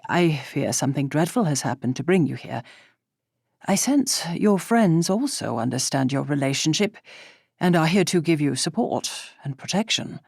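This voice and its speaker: A woman voicing a gentle courteous gentleman. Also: deep voice, animated, normal speed, vocal fry, husky, no room sound, studio quality, heavily acted. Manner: polite, formal Regency speech.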